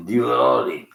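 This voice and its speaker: A man's voice: mid-range voice, creaky, a bit bright, roomy sound, slight background noise. An older Canadian man delivering a blunt, cursing rant, laughing between complaints. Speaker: vlogger. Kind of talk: ranting monologue.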